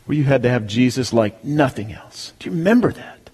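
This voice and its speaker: A man preaching a sermon as pastor, emphatic, swelling to near-shouts on key words. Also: medium pitch, expressive, brisk, husky, big-room sound.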